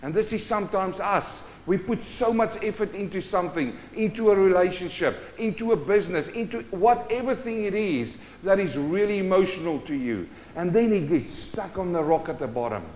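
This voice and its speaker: Guy preaching, kinda high voice, loud then hushed, big hall echo. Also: lively intonation, normal speed, few pauses, a little hiss or hum. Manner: swings from loud urgent bursts to hushed intimate tones. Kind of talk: sermon. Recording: long hall reverb.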